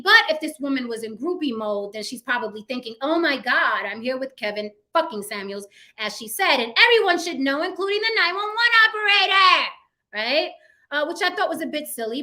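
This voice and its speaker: A woman's voice: a little high, pushed and bright. A woman giving blunt, chatty, profane commentary on a vlog. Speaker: commentary vlogger. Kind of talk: casual spoken commentary.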